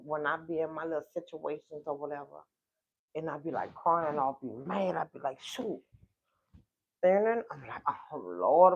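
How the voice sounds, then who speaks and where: A speaker from New Orleans with a New Orleans accent, telling a heartfelt personal story straight to the viewers of a livestream. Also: medium pitch. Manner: emotional, drawn-out, talks straight to the audience. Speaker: livestream host. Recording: tinny phone-like livestream audio.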